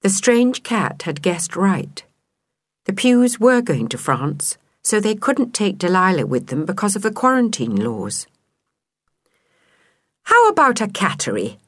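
A woman narrating a children's storybook in an expressive, measured way. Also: mid-range voice, husky, no echo, studio quality. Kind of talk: storybook reading.

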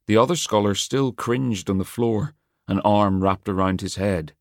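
A man narrates a dramatic tale at an unhurried, deliberate pace, in a somewhat low voice. The recording is close and dry, with no room sound at all. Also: no echo. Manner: measured, dramatic storytelling. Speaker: audiobook narrator. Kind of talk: scripted narration.

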